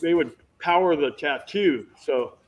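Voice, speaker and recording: A man telling lively stories as a guest on a casual video-call chat, jumping into quick impressions. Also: fairly high pitch, a crowd in the background, low-quality recording. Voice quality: bald. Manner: animated anecdotes with impressions.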